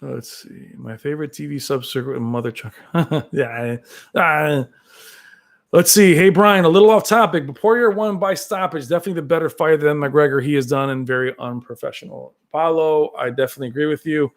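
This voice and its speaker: A man's voice: fairly high pitch, a little fast, creaky. A man chats on a casual live stream, answering viewer comments in a loose, rambling way. He talks in a slightly raised register, with plenty of fillers and restarts. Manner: does brief movie-quote impressions. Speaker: tech channel host reading live chat.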